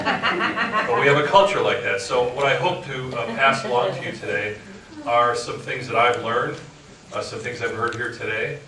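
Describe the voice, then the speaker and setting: A man's voice: medium pitch, normal speed, a crowd in the background. A man who hosts talk radio giving a frank, joking motivational talk to a live audience. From Upper Michigan. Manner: frank, joking, animated storyteller. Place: indoor meeting room with audience. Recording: echoey room, far from mic, noisy.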